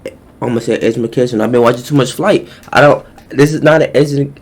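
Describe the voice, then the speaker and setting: A man giving slangy, joking reaction commentary, his voice jumping high when surprised. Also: steady tone, fast. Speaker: reaction YouTuber.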